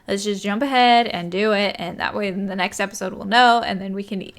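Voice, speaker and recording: A woman's voice: medium pitch, fairly even intonation, brisk. A young woman giving casual let's-play commentary, thinking aloud, counting tiles under her breath and apologizing as she goes. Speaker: gaming YouTuber.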